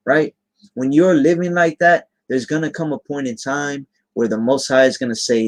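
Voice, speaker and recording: A young man gives an informal live-stream sermon, speaking casually but earnestly. He keeps asking "right?" to check that his listeners follow, and he slows down to read scripture. His voice sits at an ordinary middle pitch. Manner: reads scripture aloud in a slower voice.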